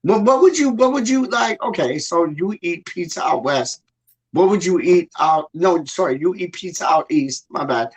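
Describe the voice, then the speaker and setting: Animated slangy man, slightly high voice. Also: moderate pace, slightly rough. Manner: animated storytelling, heavy slang and swearing. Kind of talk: casual chat.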